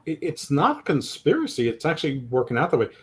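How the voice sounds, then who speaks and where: A man's voice: on the high side, huge pitch swings, fast talker, breathy edge. A man co-hosting a sports podcast in casual chat, rambling through his points with self-deprecating jokes. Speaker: podcast co-host.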